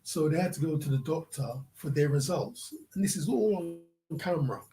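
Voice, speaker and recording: A man's voice: fairly high pitch, lively intonation, moderate pace, creaky, warm tone, rough recording. A man ranting in a vlog, profane and prodding the listener with repeated questions. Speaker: vlogger. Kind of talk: ranting commentary.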